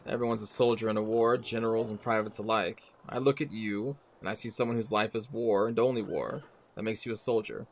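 A man's voice: lowish voice, fairly even intonation, a little fast, few pauses, pitched below the performer's own voice. A man reading the lines of a guarded, defiant female elf wanderer in a game, in a terse, wary way.

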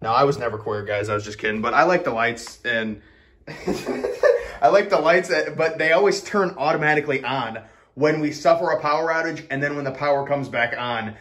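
A man's voice: mid-range voice, fairly quick, fairly bright tone. A man talking casually to the camera at home, rambling and self-mocking, sweaty from the heat. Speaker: vlogger. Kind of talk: casual vlog talk to camera. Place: his home office, indoors.

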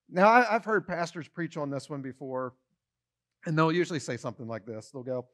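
A man's voice: a little high, brisk. A man pastor giving a conversational sermon, often repeating words as he starts a phrase and acting out everyday quotes with a shifting tone.

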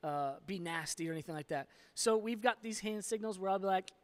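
A man's voice: high voice, brisk, smooth. Plain-spoken man pastor. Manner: plain-spoken and frank, with fillers. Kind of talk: conversational sermon.

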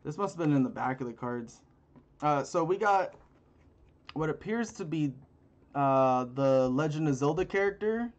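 A man's voice: on the high side, lively intonation, normal speed, long pauses, highs cut off. A man rambling through a casual card-opening video with crude jokes and lots of fillers, recorded on a phone. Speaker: channel host.

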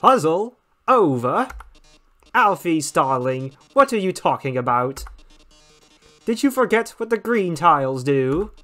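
Man reads flamboyant robot showman, slow, sing-song, melodramatic, game tune underneath. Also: on the high side, very animated, bright, forceful tone, soft background music, heavily acted. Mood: theatrical. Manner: theatrical, drawn-out, mock-tragic.

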